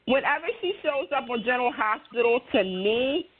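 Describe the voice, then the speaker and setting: A woman co-hosting a casual chat about soap operas, talking in an animated, emphatic way. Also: on the high side, moderate pace, a little hiss or hum. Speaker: co-host. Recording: tinny phone-line audio.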